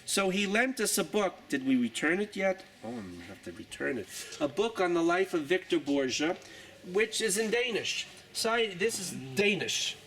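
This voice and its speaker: A man's voice: high voice, sing-song, moderate pace, fairly bright tone, rough recording. A man in his sixties with a New York accent, a journalist rambling chattily through a casual tour of his exhibition, full of jokey asides. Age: 60s. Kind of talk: casual guided tour talk.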